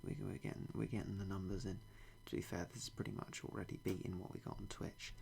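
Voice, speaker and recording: A young British man streaming a game, talking in a hushed, half-whispered way with dry self-mocking humour. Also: low-pitched, level tone, fast, vocal fry, a little hiss or hum. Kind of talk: quiet live-stream game commentary.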